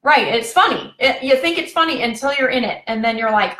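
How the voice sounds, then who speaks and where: A woman's voice: a little high, lively intonation, a little fast, fairly bright tone, echoey room. A woman talking casually to her viewers, giving relationship advice with lots of fillers and direct questions. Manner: chatty, addresses viewers directly with frequent fillers. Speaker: relationship vlogger.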